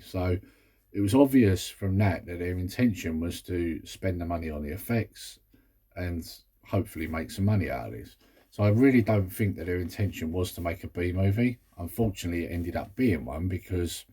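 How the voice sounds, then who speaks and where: A man's voice: deep voice, dark tone, breathy edge. A British man talking casually about a film he reviews, rambling with exasperated asides. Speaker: movie review vlogger. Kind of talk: casual chat.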